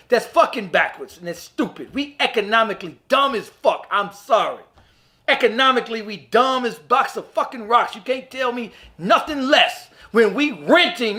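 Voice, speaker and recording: A man's voice: high-pitched, pushed and bright. A father on a blunt, heated, profane rant, talking straight to his listeners in an exasperated tone. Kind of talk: ranting monologue to camera.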